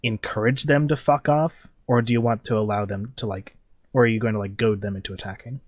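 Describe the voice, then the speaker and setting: A man's voice: on the low side, fairly even intonation, fairly quick, dry recording. A young man narrating as game master at a tabletop game, talking loosely with many fillers. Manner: loose and rambling, full of fillers.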